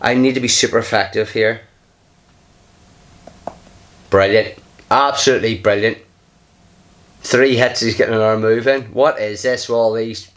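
A man's voice: medium pitch, fairly even intonation, moderate pace, long pauses, fairly bright tone. A man commenting casually on his own game play, muttering in frustration, sighing and swearing under his breath. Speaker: gaming channel host.

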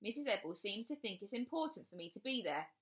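A woman reading aloud and voicing a mother who calmly questions her son. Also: mid-range voice, fast. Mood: questioning.

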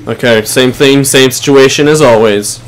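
A young man commentating his own online shooter match, muttering low, then swearing and yelling at teammates in frustration. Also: normal speed. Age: young adult. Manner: swings between muttering and shouting in frustration, swears a lot. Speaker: gaming channel host. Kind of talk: live gameplay commentary.

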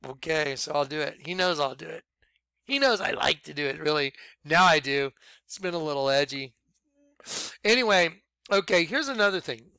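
A man leading a ministry, preaching informally in an animated way, laughing and swinging between loud outbursts and quiet asides. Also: a little high, normal speed, vocal fry, clear, resonant tone, dry recording, clean studio sound. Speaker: ministry leader.

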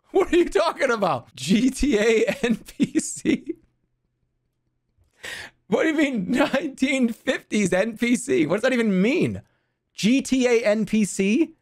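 A male livestreamer talks casually with viewers in a joking, mock-outraged way. His pitch swings widely from low grumbles to high exclamations, and he often breaks into laughter.

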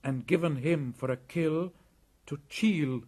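A man voicing Mowgli, a proud, fierce boy raised in the jungle, speaking in a lively, commanding way. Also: fairly high pitch, slow pace, breathy edge, pitched above the performer's own voice. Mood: earnest.

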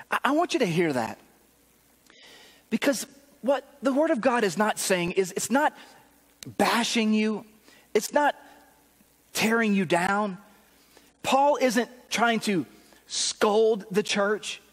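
Male pastor, earnest and encouraging preacher, fairly high voice, heard in a reverberant church. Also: lively intonation, takes it slowly, pauses often. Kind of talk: sermon. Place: church sanctuary.

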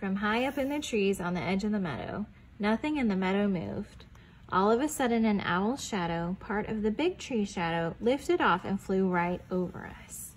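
A woman's voice: medium pitch, lively intonation, low-quality recording. Woman reading a picture book aloud. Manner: gentle storytelling that pauses to ask the children questions; drops to a soft whisper on quiet lines. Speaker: children's librarian reading aloud.

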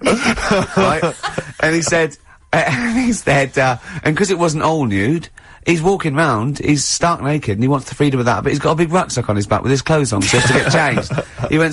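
A man's voice: a little high, expressive, normal speed, a bit bright, slightly rough, no echo. A middle-aged English man hosting a radio show, telling stories with lots of laughter and imitating his friends. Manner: laughing storyteller, mimics friends' voices. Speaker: radio host. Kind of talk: casual radio banter.

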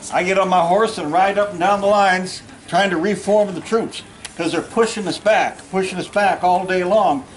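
The recording is rough, and the man's high voice has a bit of brightness. Playing a middle-aged, plainspoken Civil War Union general, this reenactor gives a first-person living history talk at an outdoor park event, telling folksy stories and joking with the audience.

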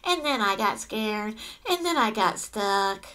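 A woman voicing a shy little winged monster with a small, soft voice in a storybook read-aloud. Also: medium pitch, animated, a little slow, pitched below the performer's own voice, poor audio. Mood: timid.

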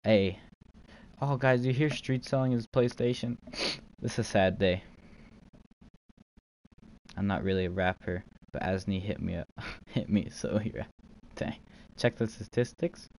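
Laid-back male streamer on a live gaming stream, slightly low voice, jokey chat reader, faint background noise. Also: unhurried, long pauses, darkish tone, rough recording. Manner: joking, laid-back, reads chat aloud. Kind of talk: casual livestream chat while trading.

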